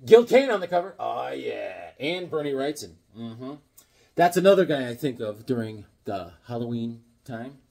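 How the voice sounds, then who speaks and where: Very animated, this middle-aged comic book vlogger speaks at normal speed in a slightly mellow mid-range voice with vocal fry. He chats casually through his collection, rambling into jokey stories as he goes.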